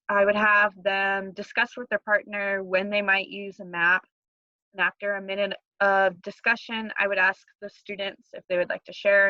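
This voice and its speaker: A woman explaining her lesson plan in a plain, steady way, with occasional fillers. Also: medium pitch, no room sound. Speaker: student teacher presenting a lesson plan. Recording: dry, dull lo-fi recording.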